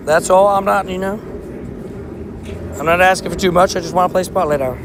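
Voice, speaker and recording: Slightly hoarse, chatty young male streamer. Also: fairly high pitch, fast, background noise. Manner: chatty, joking, self-mocking banter. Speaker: mobile game streamer. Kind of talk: casual livestream commentary while playing.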